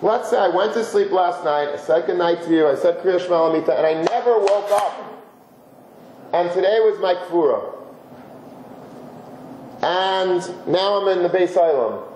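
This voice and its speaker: A man's voice: high voice, normal speed, pauses often, a little mellow, reverberant, slight background noise, close to an everyday voice, poor audio. A man voicing an older shopkeeper who earnestly reasons with his wife. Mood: resolute. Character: weary older shopkeeper husband, earnest and resolved.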